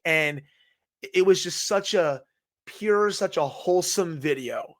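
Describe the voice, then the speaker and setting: A man's voice: fairly high pitch, a little slow. A man co-hosting a sports podcast, talking enthusiastically and fondly in a casual way. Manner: enthusiastic, fond, lots of "you know" fillers. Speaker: podcast co-host.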